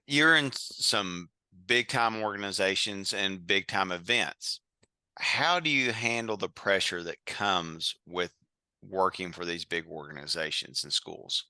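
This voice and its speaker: A male podcast host with a very bright, crisp and smooth voice asks measured questions and lays out the topics first. The sound is dry and close. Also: sits low, no echo. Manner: measured, lists topics before asking. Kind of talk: interview questions.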